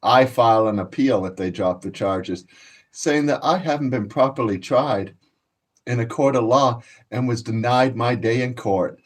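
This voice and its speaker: Unhurried and medium in pitch, the Canadian channel host tells his viewers boastful stories laced with profanity. It's a casual rant, punctuated by plenty of laughter.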